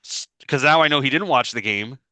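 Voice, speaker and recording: A man with a bright, forceful voice chats on a podcast, rambling through an anecdote and breaking into laughter. He sounds close and dry over his video-call mic, with no room sound around him. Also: medium pitch, no room sound. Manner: rambling storytelling, quick to laugh. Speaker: podcast co-host. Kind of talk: casual podcast chat.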